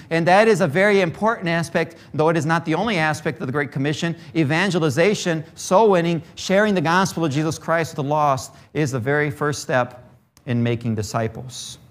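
Guy from brazil preaching a sermon, kinda high voice, tells a story then gets fired up. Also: a bit bright. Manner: storytelling that builds to emphatic preaching.

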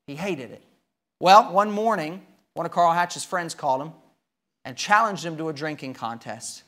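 A man preaching a sermon, telling a story with emphatic swings between loud and quiet. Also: a little high, animated, normal speed.

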